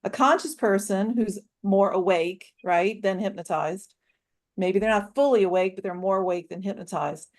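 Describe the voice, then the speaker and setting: A woman coach in a casual roundtable discussion, telling a story with lively acted-out dialogue. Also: medium pitch, moderate pace. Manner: animated storyteller, acts out dialogue.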